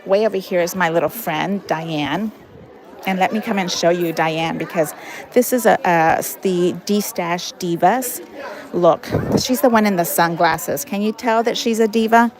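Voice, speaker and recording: A woman's voice: lowish voice, unhurried. A woman hosting a casual paper-crafting livestream, chatty and affectionate, greeting viewers by name. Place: busy crafting retreat hall with crowd. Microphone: phone camera. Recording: crowded noisy venue. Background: crowd chatter.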